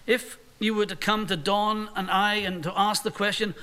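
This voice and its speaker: Bright, high-voiced male pastor preaching. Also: level tone, normal speed, smooth. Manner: earnest, voices imagined speakers in quotes. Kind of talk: sermon.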